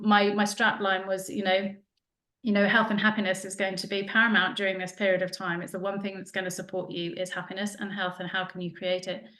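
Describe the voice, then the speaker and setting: A woman, a podcast guest telling her story in casual, animated talk and acting out what people said. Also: mid-range voice. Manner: chatty, animated, acts out quoted dialogue. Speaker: podcast guest, joy coach. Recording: roomy echo.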